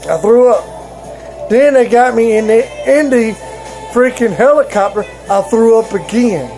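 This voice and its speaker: A man's voice: extremely high pitch, darkish tone, faint music behind, rough recording. A man telling his fellow vloggers a personal story in a casual, rambling way, stopping and restarting often. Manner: halting, rambling, with frequent restarts.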